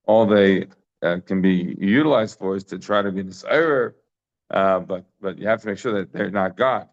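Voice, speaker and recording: A man's voice: low-pitched, normal speed, lo-fi sound. A man giving a daily Talmud lesson, emphatic and full of rhetorical questions, mixing in Hebrew and Yiddish terms. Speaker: Talmud teacher.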